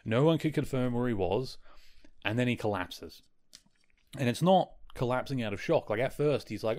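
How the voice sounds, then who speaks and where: A man's voice: medium pitch, animated, moderate pace, darkish tone. A man hosting a podcast alone, recapping an episode in a casual, rambling way, full of "like" and "you know" and amused asides. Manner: rambling, filler-heavy, amused. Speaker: podcast host.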